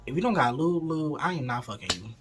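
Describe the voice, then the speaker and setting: With music playing behind him, a young male vlogger rattles through an unfiltered storytime packed with swearing, voicing each character as he goes. He sounds fairly high-pitched, animated, and quick.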